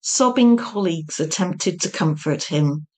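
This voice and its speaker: A woman, an author, reading an extract from her own comic novel in a deliberate, wry narrating manner. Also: lowish voice, animated, darkish tone.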